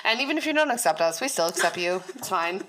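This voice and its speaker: Bright, bubbly Wisconsin woman co-host. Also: fairly low pitch, lively intonation, fast talker. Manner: bubbly, laughs a lot. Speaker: podcast co-host, counselor. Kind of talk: casual podcast chat.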